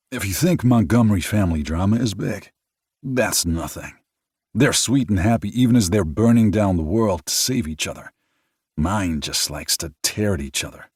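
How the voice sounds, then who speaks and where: A man's voice: low-pitched, husky, no echo, clean studio sound, voice pushed up, full character voice. A man voicing a weary, frustrated grown man who speaks bitterly.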